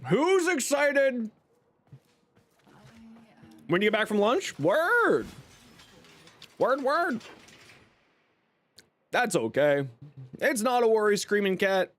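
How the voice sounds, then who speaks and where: Upbeat man hosting a gaming stream; bright high voice that swings a lot, chatty and friendly with chat. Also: takes it slowly, long pauses. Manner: greets chat by name, lively and upbeat; eating while talking. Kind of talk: casual live stream chat.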